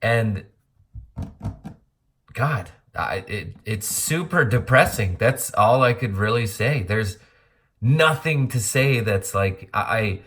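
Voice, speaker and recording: Blunt, low-voiced middle-aged man. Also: animated, slow, a bit bright, slightly rough. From Montana, USA. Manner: earnest, rambling, blunt with profanity. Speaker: vlogger. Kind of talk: candid personal monologue.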